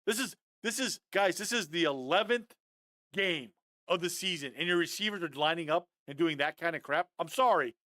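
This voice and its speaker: A man breaking down football game film on a live stream, animated and fired up, talking straight to his viewers. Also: fairly high pitch, normal speed, no room sound, studio quality. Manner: addresses viewers as guys, often adds okay.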